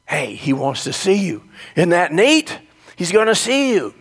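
Impatient townsmen , mimicked by a preacher, hush and scold in urgent bursts. The voice is raised and gravelly, with a long echo trailing through the hall. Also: male voice, sits high, sing-song, unhurried, full character voice. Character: impatient townsmen hushing a beggar.

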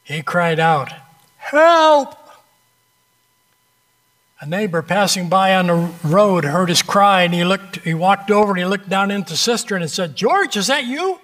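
A man preaching a sermon, telling an illustrative story with dramatic pauses and a conversational, direct manner. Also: sits high, steady tone, fairly bright tone.

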